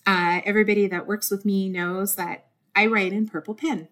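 A woman's voice: mid-range voice, steady tone, moderate pace. A woman hosting her own podcast, talking earnestly from the heart and getting teary, in a loose rambling monologue. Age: adult with a desk job. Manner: warm, earnest, easily moved to tears. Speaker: podcast host.

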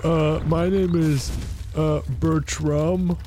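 A man voicing a big, timid male ogre who whines slowly about being picked on. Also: fairly high pitch, little pitch movement, background noise, pitched above the performer's own voice. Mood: whiny.

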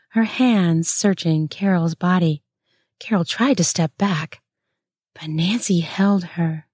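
A woman narrating a read-aloud erotic story in a measured, unhurried way. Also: lowish voice, darkish tone, no echo, clean studio sound.

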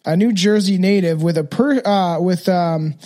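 A man's voice: high voice, normal speed, dark tone. A man co-hosting a podcast, chatting casually and crudely about a true crime case, often restarting his sentences. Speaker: podcast co-host.

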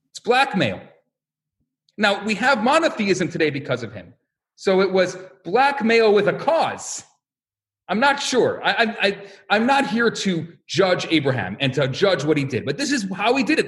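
A male religious teacher delivering a lecture in the style of a sermon, with a high voice. His pitch swings widely as he tells stories and acts out the voices in them. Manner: animated storytelling, acts out quotes.

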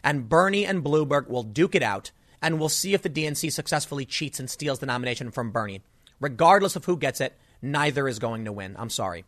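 A man's voice: medium pitch, animated, fairly quick, fairly bright tone, dry recording, studio quality. A man hosting his own political commentary show, ranting in an exasperated way with frequent restarts and bursts of frustration.

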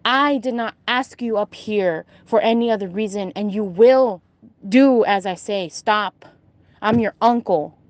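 A woman's voice: mid-range voice, moderate pace, mellow, no echo, close to an everyday voice. A woman voicing a faceless impostor uncle from a dream, who speaks sternly and gives orders. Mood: commanding. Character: faceless impostor uncle, angry and demanding man.

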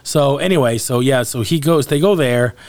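A man's voice: medium pitch, moderate pace. A man hosting a casual podcast, recapping a show in a loose, rambling way with some swearing. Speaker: podcast host. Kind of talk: casual chat recapping a TV episode.

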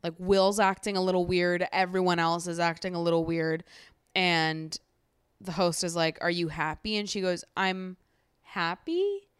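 Female podcast host, casual recap rant, low smooth voice on a dry close mic, exasperated and profane. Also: moderate pace, no echo. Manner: animated, swears freely, exasperated ranting.

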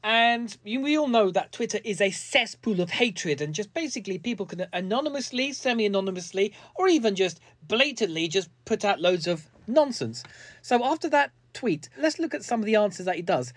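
A man's voice: high-pitched, big pitch swings, moderate pace, fairly bright tone. A man delivers a sarcastic comedic commentary, mocking as he goes. His voice rises and falls a lot. The sound is close and dry, with no room echo.

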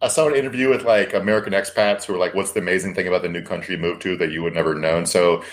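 A man's voice: low voice, fairly even intonation, very fast. A man co-hosting a podcast, rambling through stories in an amused way and laughing often. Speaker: podcast co-host. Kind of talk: casual chat.

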